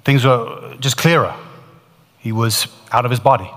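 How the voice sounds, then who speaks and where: A man's voice: mid-range voice, moderate pace, fairly bright tone, long reverb tail. A man preaching, retelling a testimony in earnest, building storytelling with frequent restarts. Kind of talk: storytelling sermon.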